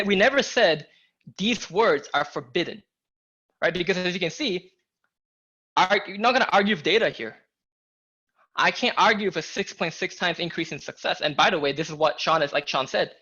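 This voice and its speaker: Bright, punchy male sales trainer. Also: a little high. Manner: energetic, emphatic, talks to the audience directly. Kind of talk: live online training talk. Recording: dull lo-fi audio.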